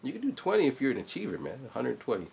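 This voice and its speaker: Racing along with wildly swooping pitch, a vlogger-musician in his forties rambles through a casual chat full of asides. His voice is mid-range, creaky, a little mellow, and edged with breathiness.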